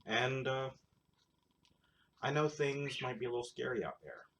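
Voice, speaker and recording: A man's voice: medium pitch, lively intonation, unhurried, a bit bright, slight background noise. A man hosting his own show, rambling through casual solo commentary in a blunt, crude, sarcastic way. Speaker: show host.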